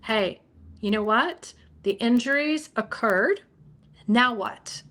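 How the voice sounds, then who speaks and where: A woman's voice: on the high side, animated, slow pace, fairly bright tone. A woman hosting an interview, speaking in an encouraging, affirming way. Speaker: interview host. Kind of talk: interview conversation.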